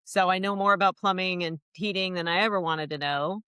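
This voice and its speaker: A woman in her sixties, a home warranty rep, chatting warmly as a guest on a podcast and telling stories from her career. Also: fairly low pitch, a little fast, clear, resonant tone, dry recording. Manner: warm, chatty storyteller. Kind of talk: casual interview chat.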